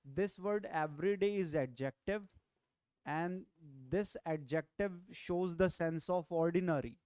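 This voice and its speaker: A man's voice: fairly high pitch, a little slow, darkish tone, clear, resonant tone, no echo. A man with an Indian English accent teaches vocabulary in an online lecture, often repeating key phrases and asking "right?" to check in. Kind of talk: online exam-prep lecture.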